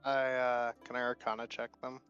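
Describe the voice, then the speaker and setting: A man's voice: mid-range voice, monotone, fairly quick, a bit bright, muffled recording, soft background music. A man playing a tabletop role-playing game over voice chat, talking bluntly and swearing casually. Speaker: player.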